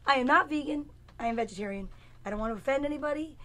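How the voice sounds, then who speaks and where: A woman's voice: high-pitched, racing, bright, forceful tone. Rambling, joking woman in her fifties. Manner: rambling, playful, self-mocking, chats to viewers by name. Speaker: comedian hosting her own show. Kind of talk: casual comic live chat with viewers.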